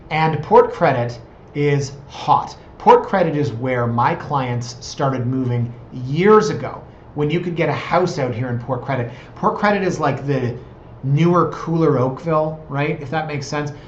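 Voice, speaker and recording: A man's voice: on the high side, lively intonation, a little slow, echoey room, muffled recording, a little hiss or hum. A man in his thirties, a real estate agent, talking casually and digressively in a vlog from his office. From Canada. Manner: chatty, digressive, self-deprecating.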